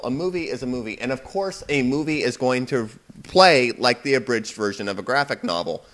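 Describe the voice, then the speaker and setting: A man's voice: mid-range voice, lively intonation, fairly quick, hardly any pauses, fairly bright tone. A young man giving a casual, rambling movie review on his video blog. He talks from a home computer and keeps getting sidetracked. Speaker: video blogger. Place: home room at parents' computer.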